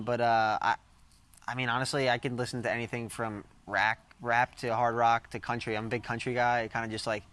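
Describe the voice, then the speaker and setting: A man's voice: medium pitch, a bit bright, clean tone, no echo. A man in his thirties from the St. Louis area, telling hockey stories in a casual interview. He rambles with many fillers and laughs easily. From St. Louis, USA. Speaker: interview guest, hockey player.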